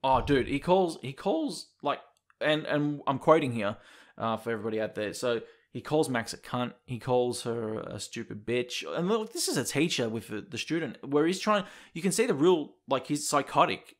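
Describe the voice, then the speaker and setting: A man co-hosting a casual gaming podcast, animated and swearing freely as he acts out quotes. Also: mid-range voice, normal speed. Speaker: podcast co-host.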